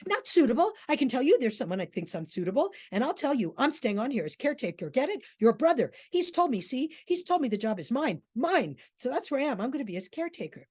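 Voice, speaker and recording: A woman reading the lines of a scared, bitter old man who is a drifter, ranting fast and indignantly. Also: high voice, very animated, breathy edge, no room sound, heavily acted. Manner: ranting, quick, loud and indignant.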